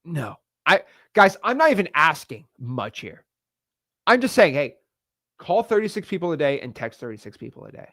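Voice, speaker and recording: Upbeat coach, slangy and emphatic. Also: male voice, on the high side, very animated, bright, forceful tone, no room sound, clean studio sound. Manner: fast, emphatic, slangy, repeats words for emphasis. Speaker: real estate wholesaling coach. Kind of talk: energetic coaching video lesson.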